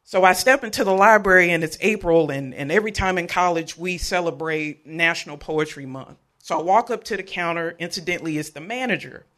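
Live on stage at an event venue, a man tells a personal story, animated and joking with the crowd. His voice sits high for a man, bright and forceful, and he moves briskly with few pauses.

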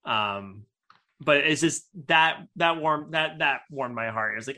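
A man's voice: on the high side, measured pace, sharp tone. A man in casual chat, talking with eager enthusiasm and rambling through restarts.

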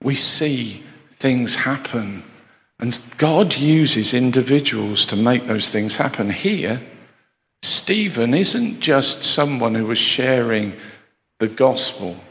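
A man's voice: medium pitch, expressive, slow, pushed and bright. A man preaching a sermon, chatty, with asides and rhetorical questions to his congregation. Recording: long hall reverb.

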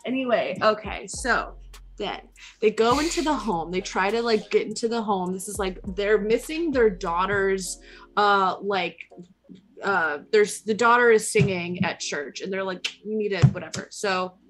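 A woman's voice: medium pitch, a little slow, soft background music. A woman hosting a podcast, retelling a movie plot in casual chat. She rambles in a scatterbrained way and says "like" often. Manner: scatterbrained, rambling, heavy use of "like". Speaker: podcast host.

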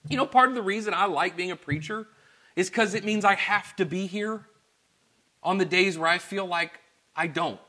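Earnest male preacher, bright forceful voice. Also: high-pitched, normal speed. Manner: earnest, swings from quiet confession to loud emphatic questions. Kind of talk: sermon.

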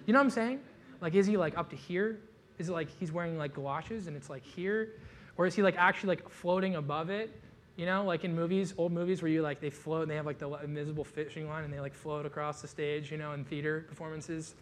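A man delivers a sermon like a relaxed storyteller, cracking jokes and piling on casual fillers. His voice sits a little high for a man. The tone stays conversational rather than formal. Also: fast talker. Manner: casual, joking, animated storytelling with many "like" fillers. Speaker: pastor.

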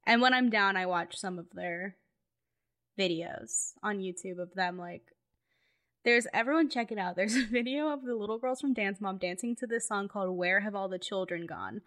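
A young adult woman co-hosting a podcast, chatting casually with playful, deadpan teasing. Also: medium pitch, moderate pace. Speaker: podcast co-host. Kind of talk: casual chat.

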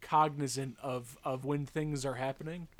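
A man's voice: medium pitch, normal speed. A man telling a rambling story in casual chat, swearing freely and acting out the people in it with laughs. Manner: animated storyteller, swears, acts out voices with laughs. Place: Los Angeles area.

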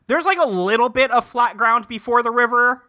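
A man's voice: extremely high pitch, a little fast, crowd noise. A man co-hosting a podcast, recapping an episode in laid-back, chatty talk and laughing easily. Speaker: podcast co-host recapping a show. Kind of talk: casual chat.

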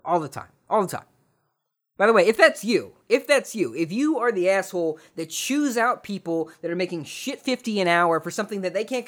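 A man's voice: on the high side, a bit bright. Young male podcast host with a sarcastic, swearing storyteller's rant that swings between mutters and outbursts.

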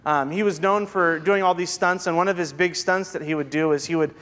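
A man's voice: fairly high pitch, fairly even intonation, a little fast, fairly bright tone. A man preaching a sermon as a pastor, reading scripture and dropping wry asides. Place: church sanctuary. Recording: long reverb from a church hall.

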